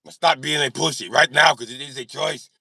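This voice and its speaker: A man putting on an Austrian accent to play a bossy, shouting tough guy who barks the same orders over and over. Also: medium pitch, fairly quick, no room sound, clean studio sound, full character voice. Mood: barking orders. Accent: put-on Austrian. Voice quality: gravelly, barking. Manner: commanding, repeats orders, mock-macho.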